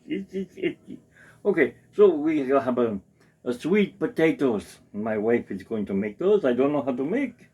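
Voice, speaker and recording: A man hosts his own casual cooking demo in a home kitchen, chatting and reading the package steps aloud with his own remarks. His medium-pitched voice is warm and husky.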